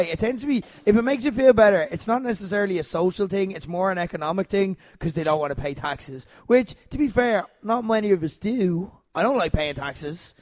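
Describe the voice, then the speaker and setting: A man hosting a podcast, his voice sitting noticeably high and recorded close and dry. He sounds a little unwell but keeps the chat rolling, laughing often and drifting into asides. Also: darkish tone, no echo. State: unwell, voice failing. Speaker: podcast host. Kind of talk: casual chat.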